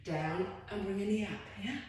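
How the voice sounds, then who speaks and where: A woman's voice: medium pitch, normal speed, a little mellow, slight background noise. A woman leading a home workout as a fitness instructor, chatty and encouraging with self-deprecating asides. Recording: very echoey room.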